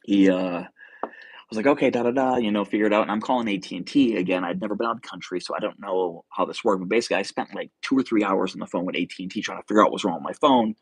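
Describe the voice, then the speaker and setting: A man's voice: sits low, rapid-fire, breathy edge, no room sound. A young man hosting a casual livestream, telling a rambling story full of fillers and restarts and reading viewer comments. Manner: reads viewer comments aloud. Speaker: livestream host.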